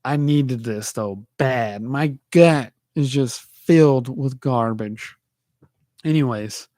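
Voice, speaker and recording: A man hosting his own podcast, telling rambling self-deprecating stories alone, with halting restarts. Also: mid-range voice, no echo, clean studio sound. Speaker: podcast host. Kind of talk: rambling solo monologue. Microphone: livestream mic.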